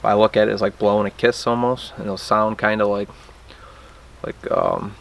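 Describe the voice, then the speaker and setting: Man, casual how-to lesson, plainspoken, hesitant restarts, flat low voice, faint background noise. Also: fast, gravelly. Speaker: turkey call instructor.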